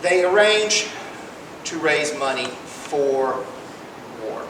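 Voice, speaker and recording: A man's voice: expressive, drawn-out words. A man giving a casual public lecture in a library room, retelling history in everyday conversational talk. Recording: echoey room, distant mic, rumbling noise.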